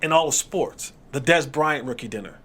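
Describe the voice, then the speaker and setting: A man hosting a podcast, a former football player, telling a story in relaxed casual chat. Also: mid-range voice, moderate pace.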